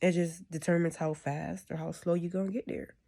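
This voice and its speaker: A woman's voice: lowish voice, fairly even intonation, a little fast, creaky, mellow. A woman giving a casual, rambling spiritual monologue, often checking in with "you know what I'm saying.". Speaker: spiritual speaker.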